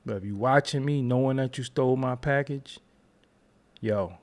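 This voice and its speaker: A man's voice: mid-range voice, moderate pace, a little mellow. A man hosting a casual live stream, loose and rambling, tired and yawning between repeated phrases. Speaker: YouTube commentary host.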